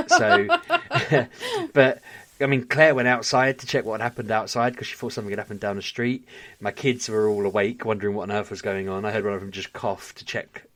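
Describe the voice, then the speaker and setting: Guy on a podcast, lowish voice, chatty and excitable, laughs a lot. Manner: animated storyteller, quick to laugh. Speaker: podcast co-host. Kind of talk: casual chat.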